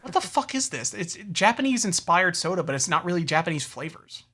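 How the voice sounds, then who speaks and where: A man's voice: high voice, sing-song, fairly quick, pushed and bright. A man co-hosting a podcast, riffing crudely and animatedly in casual chat. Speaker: podcast co-host.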